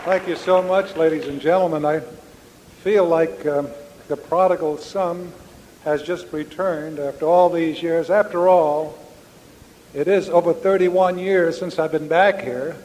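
A man's voice: a little high, fairly even intonation, unhurried, darkish tone. An older man giving a speech about his ballplaying days, telling folksy anecdotes straight to the audience. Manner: folksy storytelling, addresses the audience directly. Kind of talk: after-dinner anecdote speech. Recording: reverberant hall with faint background noise.

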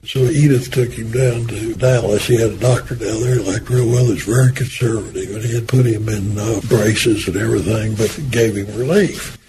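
A man's voice: fairly low pitch, fairly even intonation, moderate pace, few pauses, background noise. An older man in an oral history interview, telling folksy anecdotes about a former boss and acting out the dialogue as he goes.

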